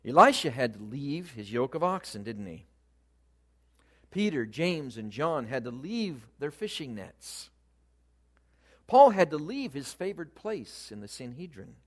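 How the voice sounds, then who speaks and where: A man delivers a sermon with a mid-pitched voice that swings widely in tone. He leans hard on key words, his volume rising and dropping as he drives each point home. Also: unhurried. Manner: animated, shifts emphasis and loudness freely. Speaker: preacher.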